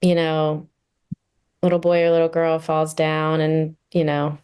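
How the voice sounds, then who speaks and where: A woman's voice: deep voice, monotone, darkish tone, clean tone. A woman therapist speaking as a podcast guest, earnest and chatty with many fillers. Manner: earnest, with frequent fillers and quick laughs. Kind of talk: casual podcast conversation.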